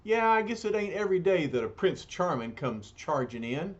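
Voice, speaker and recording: Gruff jealous brawler voiced by a man, tough slang, lively pitch, dull sound. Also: normal speed. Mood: brash. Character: gruff, jealous, hot-headed rocky strongman. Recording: dull lo-fi recording.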